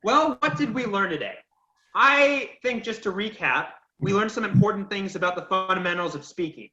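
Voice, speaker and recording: A man's voice: high voice, moderate pace, sharp tone. A man teaching a public speaking class, giving feedback and recapping the lesson in an encouraging, emphatic way. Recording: lo-fi echoey room audio.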